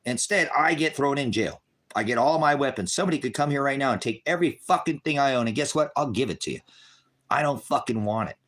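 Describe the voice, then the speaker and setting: A middle-aged man with a middle-pitched voice delivers an unscripted, furious rant to his viewers. He curses constantly and lurches between loud outbursts and low, bitter muttering. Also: lively intonation, fast talker. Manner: heavy cursing, bitter and raging; swings from shouting to low muttering. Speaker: online ministry broadcaster.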